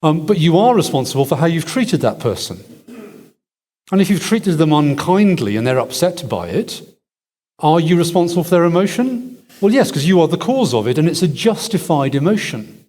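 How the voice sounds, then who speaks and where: A man's voice: a little high, big pitch swings, normal speed, a little mellow. A man answering audience questions at a church event, thinking aloud with restarts and wry asides. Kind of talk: conference Q&A answers. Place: large hall with audience. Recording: echoey hall.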